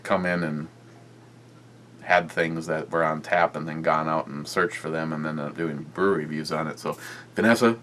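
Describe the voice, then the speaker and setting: A man's voice: very deep voice, fairly even intonation, normal speed, fairly bright tone, a little hiss or hum. A man chatting loosely in a home beer-review vlog, rambling with many fillers and restarts. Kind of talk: rambling casual vlog chat.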